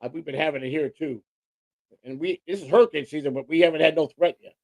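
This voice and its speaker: A man's voice: fairly high pitch, fast talker, darkish tone, no room sound. A man co-hosting a casual livestream chat, rambling and boastful, repeating his words as he goes. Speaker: co-host.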